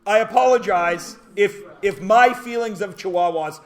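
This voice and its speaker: A man teaching a math class, lecturing with loud jokes and rants that break into shouts. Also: high-pitched, moderate pace.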